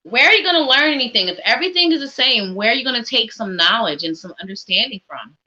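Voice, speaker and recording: A woman's voice: a little high, expressive, fast talker, pushed and bright, dull audio. A woman hosting a live psychic reading stream, talking in an upbeat, encouraging, chatty way. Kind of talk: casual live-stream chat.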